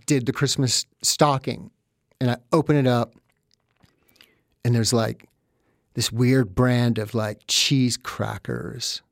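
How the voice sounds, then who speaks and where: A man telling a comic story about his childhood in a sardonic, exaggerating, deadpan way, close to the mic. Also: mid-range voice, no room sound.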